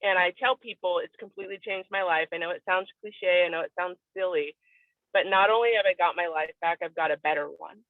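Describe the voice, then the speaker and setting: A woman's voice: fairly low pitch, fairly even intonation, a little fast, no echo. A woman giving an earnest, emotional personal testimony on a video call, candid and at times tearing up. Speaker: guest sharing a testimonial. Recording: tinny, dry phone-line audio.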